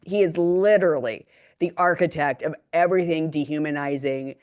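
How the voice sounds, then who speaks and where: A middle-aged woman co-hosting a podcast, speaking emphatically and laughing easily in casual political talk. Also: low-pitched. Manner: animated, emphatic, quick to laugh. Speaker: podcast co-host.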